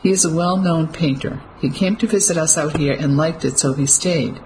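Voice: mid-range voice, moderate pace, a little mellow, slight background noise, lightly acted, low-quality recording. A reader voicing a frightened, defiant Englishwoman. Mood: alarmed.

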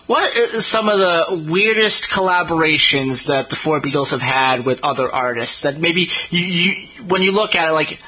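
A man's voice: fairly high pitch, expressive, moderate pace, few pauses, bright, forceful tone, slightly rough, low-quality recording. A male radio co-host asking a guest a question casually, rambling as he searches for words.

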